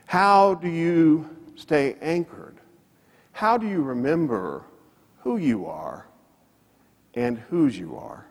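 A man preaching from the pulpit of a church. His voice is animated and full of swings in pitch as he tells a story and drives his points home. Long reverb from the hall trails after each phrase. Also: slow, long pauses, husky. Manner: storytelling preacher, rises and falls for emphasis. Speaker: pastor. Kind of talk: sermon.

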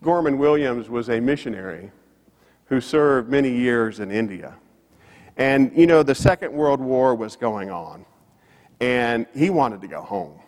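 A man preaching from the pulpit of a church. His voice is animated and full of swings in pitch as he tells a story and drives his points home. Long reverb from the hall trails after each phrase. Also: unhurried. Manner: storytelling preacher, rises and falls for emphasis. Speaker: pastor. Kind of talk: sermon.

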